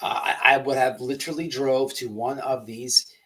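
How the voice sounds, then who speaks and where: A man's voice: medium pitch, fairly even intonation, normal speed, fairly bright tone, breathy edge. A man hosting a livestream commentary show, rambling and emphatic with many restarts. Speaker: host.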